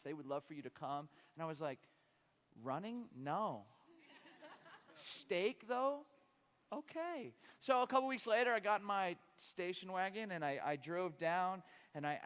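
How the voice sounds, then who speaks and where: A man with a high voice tells a long comic story from the pulpit, animated and full of stammered restarts. His voice rings through a church with a long reverb tail. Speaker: guest preacher. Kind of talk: sermon with a humorous story. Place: church sanctuary.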